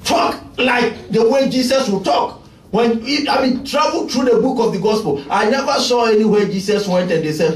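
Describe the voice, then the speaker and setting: A male pastor preaching a sermon in a church, emphatic and often shouting. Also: very high voice, normal speed. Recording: echoey church from far off.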